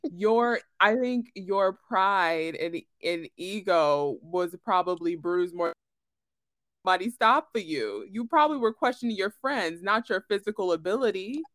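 A young woman chatting casually with her best friend, teasing and blunt, with loud animated bursts. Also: medium pitch, a little slow. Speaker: podcast guest, best friend. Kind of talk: casual chat.

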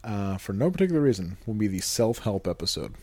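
A man's voice: lowish voice, very animated, fast talker, warm tone, no echo. A man co-hosting a podcast in crude, rambling casual chat, laughing at his own jokes. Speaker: podcast co-host.

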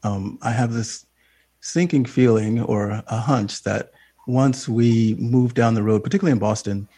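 A man's voice: mid-range voice, steady tone, unhurried, dark tone, slightly rough. A man who directs an advocacy group, speaking as a radio panel guest in a hesitant, thoughtful way with many ums.

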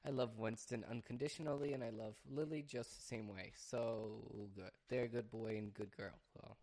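A young man hosting a casual solo podcast, chatting in a rambling way and often breaking off to hush his dog. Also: lowish voice, fairly even intonation, moderate pace. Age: young adult. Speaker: podcast host.

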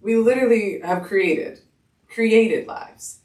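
A woman telling her birth story in casual chat, an animated storyteller who acts out quotes and laughs often. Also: medium pitch, slow pace. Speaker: podcast guest. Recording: echoey room, mic at a distance.

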